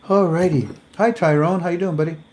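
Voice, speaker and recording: A man's voice: fairly high pitch, fairly even intonation, a little fast, darkish tone. A man hosting a casual, faith-based livestream in a folksy, rambling way, talking to his viewers as family. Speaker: host.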